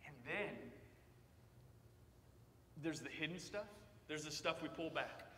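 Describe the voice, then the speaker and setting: High bright-voiced preacher in an echoey church. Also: male voice, slow pace, distant mic, slight background noise. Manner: conversational preaching that swells loud on quoted cries. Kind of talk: sermon. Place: church sanctuary.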